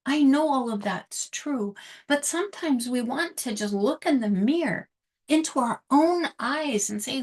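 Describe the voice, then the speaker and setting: A woman's voice: sits high, animated, measured pace. A middle-aged woman host talking casually about books and self-worth in an earnest, reflective and confiding way.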